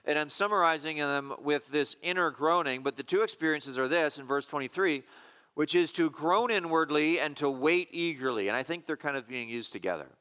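A man preaching an expository sermon as a pastor, emphatic and repeating key phrases slowly. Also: a little high, sharp tone, big-room sound.

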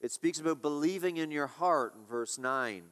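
A man's voice: on the high side, moderate pace, fairly bright tone. A male pastor preaching a sermon, emphatic and repetitive, asking his listeners rhetorical questions.

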